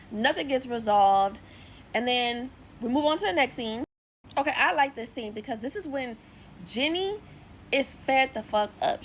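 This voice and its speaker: A young woman casually recapping a TV episode, chatty and full of "like" and lively asides. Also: sits high, slight background noise, rough recording. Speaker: TV series reviewer. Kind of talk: casual episode review vlog.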